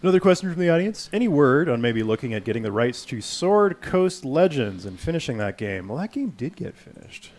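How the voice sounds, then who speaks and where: A man's voice: mid-range voice, big pitch swings, a little fast, few pauses, a little mellow. A man chatting casually and teasingly while hosting a video game livestream. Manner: joking, teasing, playful. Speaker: livestream host. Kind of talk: casual gaming livestream chat.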